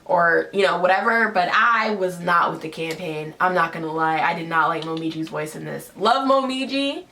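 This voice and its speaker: A woman's voice: low-pitched, steady tone, normal speed, bright, forceful tone. A woman hosting a casual review chat, giving her opinions in a loose, conversational way. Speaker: host.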